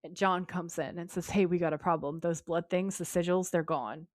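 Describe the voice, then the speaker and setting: A woman co-hosting a podcast, retelling a TV episode with lively quoted lines in casual chat. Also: lowish voice, moderate pace, no room sound, studio quality. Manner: lively retelling, quoting characters in her own voice. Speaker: podcast co-host.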